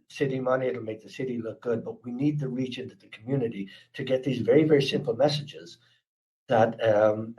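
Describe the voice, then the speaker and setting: Brief: Irish East Coast man, mid-pitched, presenting a webinar, earnest and chatty. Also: a little mellow. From Ireland. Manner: earnest, chatty, with frequent restarts and fillers. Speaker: speaker presenting a security awareness program. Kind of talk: webinar talk with audience questions.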